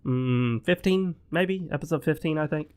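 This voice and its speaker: A man's voice: fairly high pitch, normal speed, clear, resonant tone. A man hosting his own gaming channel, chatting casually and with strong opinions while he plays, sounding a bit sick. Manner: rambling, opinionated, talks straight to viewers. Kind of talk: casual gameplay commentary. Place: home.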